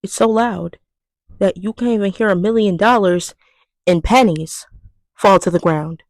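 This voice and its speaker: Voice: medium pitch, measured pace, dry recording, rough recording. A vlogger ranting casually to camera, exasperated and profane, repeating phrases for emphasis.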